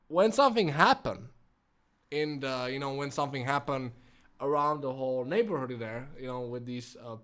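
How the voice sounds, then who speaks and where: A man's voice: a little high, a bit bright. Swearing young man telling a story. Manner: swears a lot, many fillers, non-native phrasing. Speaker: vlogger. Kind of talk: casual storytime.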